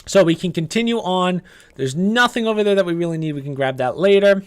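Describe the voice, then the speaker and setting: A young man giving casual gameplay walkthrough commentary, relaxed and chatty, with frequent "uh" and "um" as he explains each step. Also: sits high, a little fast. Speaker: gaming guide creator.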